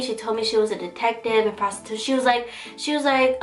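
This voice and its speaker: Young woman vlogger, bright and high, animated slangy storyteller, echoey room with faint music. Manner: animated, slangy, dramatic retelling with quick pitch jumps. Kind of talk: casual storytime.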